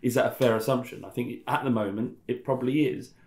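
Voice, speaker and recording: A man co-hosting a podcast, thinking out loud in casual chat and often repeating words. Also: mid-range voice, fairly even intonation, fast talker, reverberant. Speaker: podcast co-host.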